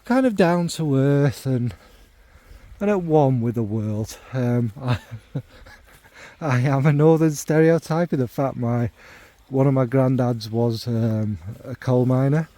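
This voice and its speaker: There's no room sound as this middle-aged North Midlands man talks slowly about fragrances in a warm, medium-pitched voice. He's a fragrance vlogger whose casual monologue rambles, mocks himself, and is full of ums and asides.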